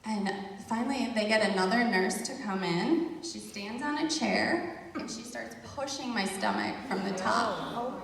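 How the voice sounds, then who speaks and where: A woman's voice: on the high side, moderate pace, creaky, very echoey, big-room sound, distant mic. A woman casually telling a group the story of her birth, with frequent laughter. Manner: animated, laughs often, addresses listeners as "you guys". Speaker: speaker sharing a birth testimony.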